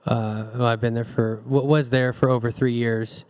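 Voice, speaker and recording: A man of average pitch joins a casual conversation among friends as a guest. He thinks out loud and phrases his points carefully. He often stops to rephrase or clarify what he means. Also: level tone, moderate pace. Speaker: podcast guest. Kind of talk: casual group discussion.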